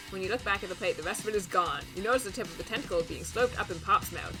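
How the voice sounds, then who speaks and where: A woman streamer in casual gaming commentary, reading game text aloud, joking and reacting loudly and playfully. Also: mid-range voice, quick pace, few pauses, soft background music.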